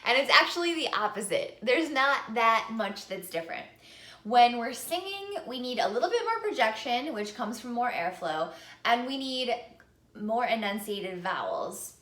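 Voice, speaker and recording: A woman's voice: a little high, big pitch swings, measured pace, pushed and bright, reverberant. A woman singing teacher giving an upbeat vocal lesson to camera, speaking and then singing short example phrases.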